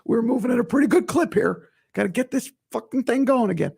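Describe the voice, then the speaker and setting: Male podcast host, strained gravelly voice, husky and high-ish, animated and emphatic. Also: fast talker. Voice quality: raspy, gravelly. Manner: animated, emphatic, repeats himself. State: strained, recovering voice. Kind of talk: casual solo podcast talk.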